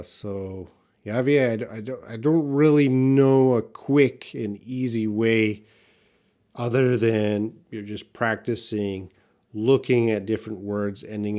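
A middle-aged man from Canada with a light Canadian accent, answering viewers' questions in a live English lesson and thinking aloud with many pauses and restarts. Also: on the low side. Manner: relaxed, thinking aloud with frequent uhs and restarts. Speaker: English teacher.

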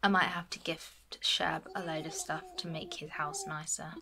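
A woman's voice: low voice, little pitch movement, moderate pace, gravelly, bright, forceful tone, a little hiss or hum. A woman giving playful, chatty commentary while playing a life-sim game. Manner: playful, chatty, fond of cute characters. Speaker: gameplay streamer. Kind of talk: casual gameplay commentary.

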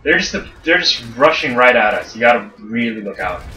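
Young guy gaming with buddies, bright voice, roomy room, game music faint behind. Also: medium pitch, lively intonation, a little fast, distant mic. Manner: dry teasing banter, calls for help. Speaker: gamer playing co-op. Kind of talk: casual let's-play chat.

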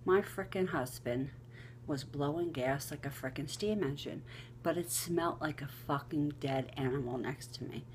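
A middle-aged woman vlogger casually telling a funny story, animated and swearing, giggling often. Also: low-pitched, moderate pace, slight background noise.

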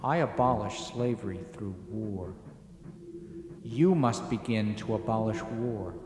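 A man's voice: medium pitch, slow, natural voice. A man voicing a grave ghostly old statesman. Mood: quiet authority. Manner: speaks softly with quiet authority. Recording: echoey with steady background noise.

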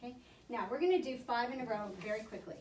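A woman dog trainer giving brisk, encouraging hands-on coaching to a student. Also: fairly high pitch, lively intonation, noisy background. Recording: echoey room, mic at a distance.

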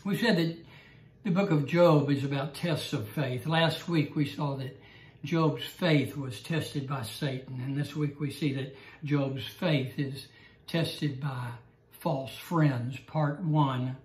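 Bible class teacher, evening lesson, chuckling storyteller, middle pitch, roomy echo. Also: slow pace.

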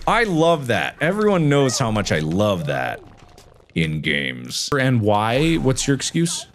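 A man doing frustrated gaming commentary, swinging from low mutters to sudden yelling as he plays. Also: wildly swooping pitch, slow pace, a little hiss or hum. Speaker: gaming video host.

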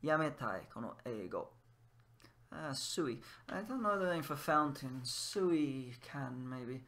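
Speaking slowly and expressively, a man with a medium-pitched, fairly bright voice plays a game while teaching Japanese. This language teacher tests phrases and explains them in English in a casual way, musing aloud and shifting between Japanese and English.

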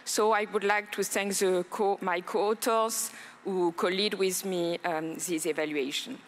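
A French woman researcher gives a conference talk in English, her second language. She speaks with a French accent at a measured pace, often pausing on fillers as she chooses her words. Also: lowish voice, steady tone. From France. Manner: careful, measured, frequent fillers. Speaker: researcher presenting. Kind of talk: conference presentation. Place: conference hall.

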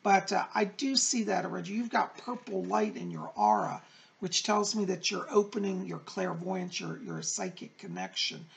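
A middle-aged man hosting a psychic advice show, reading viewer letters aloud and answering them in a gentle, reassuring, chatty way. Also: high voice, sing-song, moderate pace, vocal fry. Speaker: psychic medium host.

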